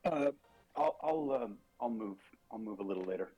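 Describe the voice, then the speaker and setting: A man playing a tabletop game, hesitant and halting. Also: fairly low pitch, huge pitch swings, creaky, warm tone, husky, lo-fi sound, soft background music. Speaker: player.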